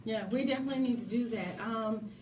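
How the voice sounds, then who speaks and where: A woman co-hosting a casual radio talk show, speaking in a lively, preachy way with laughing asides. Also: fairly high pitch, fast, a little hiss or hum. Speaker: co-host. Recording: echoey room from a distant mic.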